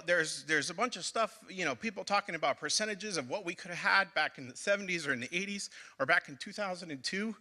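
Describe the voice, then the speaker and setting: A man speaking up at a public forum, his voice high and strikingly bright and sharp. He argues with passion and drives his points home by repeating them. He addresses a room full of residents. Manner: impassioned, repeats phrases for emphasis. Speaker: school building committee member. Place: public meeting hall.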